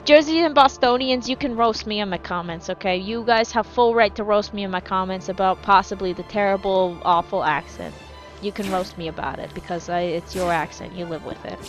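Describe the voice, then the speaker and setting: A woman's voice: mid-range voice, brisk, faint music behind. A woman chatting casually while gaming, rambling and swearing freely in a jokey put-on accent. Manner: jokey put-on East Coast-style accent. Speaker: gaming streamer.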